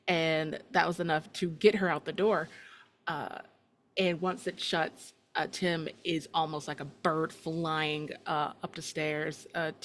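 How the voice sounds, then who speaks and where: A woman's voice: on the low side, a bit bright. A woman narrating her scene in a tabletop game, with fillers.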